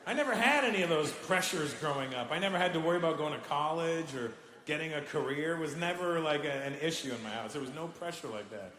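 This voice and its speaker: A man's voice: fairly high pitch, lively intonation, fast, hardly any pauses, fairly bright tone, roomy sound. A man doing stand-up comedy, telling stories about himself in a self-mocking way.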